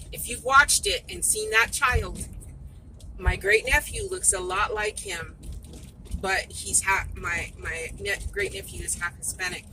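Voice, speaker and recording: A middle-aged woman, rambling and chatty as she tells a story to her phone camera. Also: fairly low pitch. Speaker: vlogger. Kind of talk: casual chat to camera. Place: in a car. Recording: noisy car phone recording. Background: road and vehicle noise.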